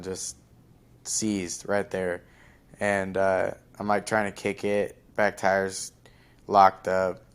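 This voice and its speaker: A man's voice: sits low, clean tone. A young man hosting a podcast, telling a long story in a rambling casual way full of fillers. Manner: rambling, lots of fillers and likes. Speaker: podcast host.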